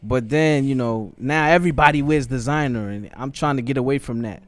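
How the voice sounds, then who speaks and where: Smooth-voiced man venting casually. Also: mid-range voice, a little fast, dry recording. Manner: emphatic, venting with repeated "man". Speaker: podcast guest, music label executive. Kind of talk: casual podcast chat.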